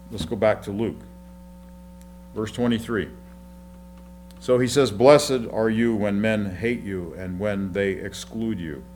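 A man's voice: on the low side, slight background noise. A man preaching a sermon, teaching through Bible passages in a conversational way, with rhetorical questions and frequent restarts. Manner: repeats and restarts words while explaining.

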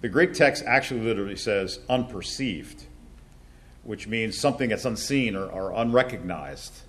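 A man teaching a Bible class, talking with many fillers and restarts and slowing down to stress key words. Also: on the low side, fairly bright tone.

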